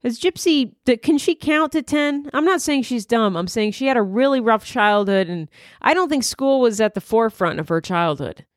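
A woman's voice: a little high, lively intonation, normal speed, no room sound, clean studio sound. A woman comedian hosting her podcast, rambling through a crude, self-mocking comedic monologue. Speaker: comedian host.

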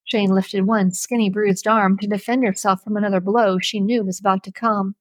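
A woman reading a novel aloud as an audiobook narrator, with steady, measured storybook narration. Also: mid-range voice, dry recording.

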